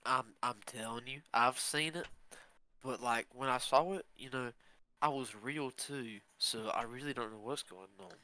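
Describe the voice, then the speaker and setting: Excitable slangy player. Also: male voice, medium pitch, moderate pace, poor audio. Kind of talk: casual tabletop role-play.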